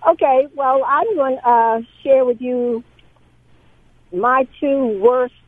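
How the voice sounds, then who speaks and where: A woman's voice: high voice, takes it slowly, dry recording. Brief: friendly, talkative woman caller, thin phone-line sound, dry. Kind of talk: phone-in call.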